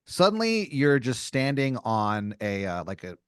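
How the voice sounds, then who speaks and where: A man's voice: mid-range voice, very animated, unhurried, clear, resonant tone, no echo, clean studio sound. A man hosting an improv podcast, narrating a made-up scene in second person with casual fillers. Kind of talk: improvised storytelling, game-master style.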